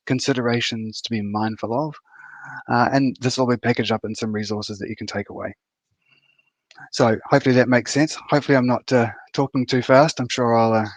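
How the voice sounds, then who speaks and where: A New Zealand man in his fifties gives a conference talk over a video call in a mid-range voice, recorded dry. His delivery is casual, full of fillers and restarts.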